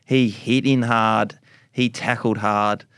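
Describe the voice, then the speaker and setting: An Australian man in his forties, a former footballer and podcast guest, telling stories in an animated way and acting out the voices. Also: on the low side, takes it slowly, clean tone, dry recording, clean studio sound. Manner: animated storyteller, acts out voices, laughs often. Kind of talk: casual chat, anecdote telling.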